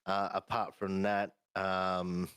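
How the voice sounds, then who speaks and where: Australian male co-commentator, very deep, monotone, relaxed. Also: slow pace, smooth, dry recording, rough recording. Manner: easygoing, many "uh, you know" fillers. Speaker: sim racing co-commentator. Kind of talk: race commentary chat.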